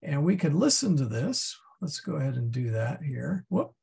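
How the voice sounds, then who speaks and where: A man teaching a Latin class, explaining step by step and thinking aloud with many pauses and fillers. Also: on the high side, big pitch swings, gravelly, darkish tone, breathy edge. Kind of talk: classroom lesson.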